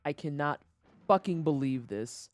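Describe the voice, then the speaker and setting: A woman's voice: sits low, animated, a little slow, no echo. A young woman streaming a game, ranting with heavy profanity and exasperation. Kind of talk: casual gameplay commentary.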